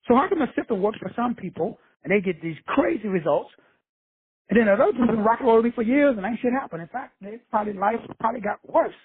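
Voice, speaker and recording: A man hosting a show delivers a blunt, profane, streetwise motivational monologue in a casual tone. His voice is high and lively, and he talks fast. The recording is dry and tinny like a phone, with a little hiss or hum.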